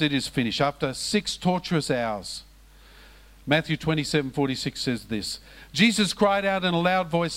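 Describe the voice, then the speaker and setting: Male pastor, sermon, fairly high voice, impassioned, hushed lows, emphatic raised cries.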